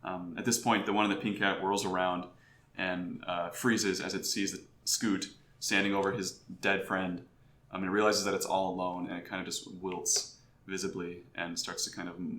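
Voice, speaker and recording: A man narrating a tabletop game as game master, unhurried, with frequent ums and restarts. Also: deep voice, fairly bright tone. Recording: roomy home recording.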